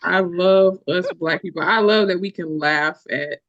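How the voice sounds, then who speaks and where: Brief: woman podcast co-host, lively storyteller who laughs a lot, slightly muffled recording. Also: measured pace. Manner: animated, laughs often, acts out quotes in a high voice. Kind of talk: casual chat, storytelling.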